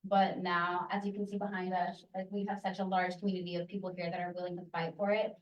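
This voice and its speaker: A woman's voice: on the low side, flat delivery, fast talker. A young woman, a university student, giving an earnest, passionate public comment at a student government meeting. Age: young adult. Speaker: student speaker at public forum. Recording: echoey room, distant mic, dull sound.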